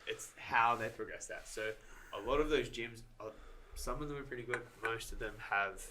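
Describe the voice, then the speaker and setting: A man's voice: medium pitch, bright, forceful tone, slight background noise. A man, a strength and conditioning coach, talking casually on a podcast with frequent fillers and restarts. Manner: halting, many restarts and fillers.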